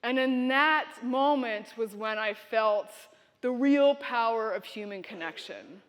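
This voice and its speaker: A woman giving a keynote speech, telling a story in an animated, dramatic way. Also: on the high side, takes it slowly. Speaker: keynote speaker. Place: conference hall. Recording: reverberant hall.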